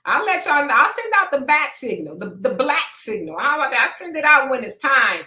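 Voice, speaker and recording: A woman with a bright, high-set voice hosts a relaxed live chat. She reads comments aloud in a folksy manner and laughs easily. Her voice rings in an echoey room. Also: normal speed. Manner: laid-back, folksy, laughs often. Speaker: host reading viewer comments. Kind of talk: casual live-stream chat.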